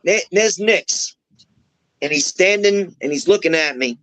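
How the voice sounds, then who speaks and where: Heard through a low-quality recording, the man's high-pitched voice moves a little slowly. He's a wrestler guesting on a podcast, narrating a long, profane, casual story and lively acting out what people said.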